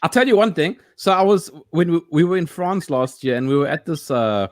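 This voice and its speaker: A man tells animated stories in a casual chat. His pitch swings widely as he restarts and laughs through his tales. The sound is dry and close. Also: a little fast, dry recording. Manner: animated storyteller, many restarts, laughs often.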